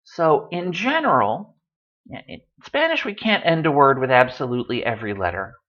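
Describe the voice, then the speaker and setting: Animated male language tutor, lo-fi. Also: medium pitch. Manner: patient, explanatory, repeats words slowly for emphasis. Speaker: Spanish tutor. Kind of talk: online language lesson. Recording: dull lo-fi audio.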